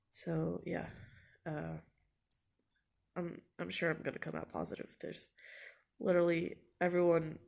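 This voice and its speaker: A young woman vlogging into her phone from home, tired, congested and anxious, talking in halting bursts with sighs. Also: low voice, gravelly, breathy edge. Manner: halting, sighing, soft and shaky. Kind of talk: casual vlog talk. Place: indoors at home, lying down. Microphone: phone camera held close.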